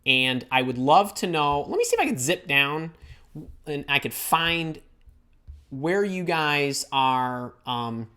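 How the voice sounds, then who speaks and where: A middle-aged man hosting a live career advice stream from home, talking in an excitable, scattered way as he reads the chat. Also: on the high side, slow, clear, resonant tone. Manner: energetic, excitable, scattered while reading chat. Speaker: host.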